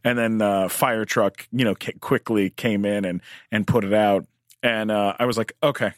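Lowish-voiced man telling a rambling story. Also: normal speed, no echo, studio quality. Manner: rambling, animated anecdote-telling with many restarts. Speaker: actor. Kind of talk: casual storytelling chat.

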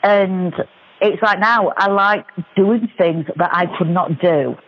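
A British woman telling a personal story as a radio guest, chatty and animated, with many restarts. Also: medium pitch, slow pace. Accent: British English. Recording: muffled radio broadcast.

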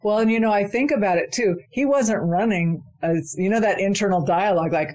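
A woman's voice: mid-range voice, brisk, hardly any pauses, darkish tone. A woman hosting an interview, asking questions and affirming her guest's stories. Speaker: interviewer host. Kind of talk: conversational interview.

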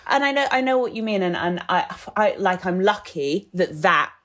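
A woman's voice: fairly low pitch, expressive, normal speed, fairly bright tone. A woman in her thirties from England, talking frankly and animatedly as a podcast guest, swearing casually. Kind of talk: candid podcast conversation.

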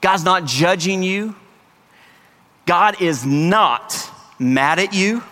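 A man preaching a sermon as pastor, lively and energetic, breaking into shouts and playful voices. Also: sits high, drawn-out words.

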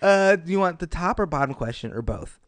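A podcast host asks playful questions and teases the guest. The voice sits at a middle pitch. The recording is dry and close. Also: animated, fairly quick, no echo. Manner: playful, teasing. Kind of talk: casual chat.

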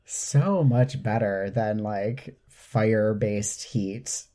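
A podcast co-host talking slowly and unhurriedly in a mellow, dark tone. The talk is casual chat that turns into sarcastic, indignant rants. The pitch sits in a middle register.

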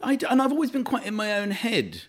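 A man's voice: high voice, wildly swooping pitch, fast. A man chatting as a guest, telling rambling, self-deprecating anecdotes with frequent restarts. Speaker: comedian guest. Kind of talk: anecdotal chat.

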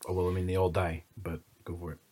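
A man's voice: low voice, little pitch movement, quick pace, dark tone, slightly rough. A man, telling rambling family anecdotes in casual chat and mimicking his relatives. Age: 30s.

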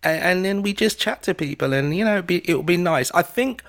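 A man co-hosting a casual podcast, rambling eagerly and restarting his sentences. His voice sits somewhat high for a man. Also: expressive, brisk, a bit bright. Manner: rambling, enthusiastic, lots of restarts. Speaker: co-host.

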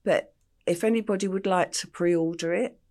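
A woman's voice: lowish voice, normal speed, darkish tone. An older English woman, an interview guest, telling her story vividly and acting out the voices she quotes. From England.

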